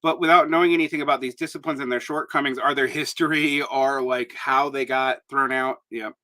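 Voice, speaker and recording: A man's voice: mid-range voice, fairly even intonation, brisk, bright, forceful tone. A man hosting a casual live stream, answering chat questions in a rambling, digressive way with blunt asides. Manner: rambling, digressive, with many fillers; blunt, emphatic.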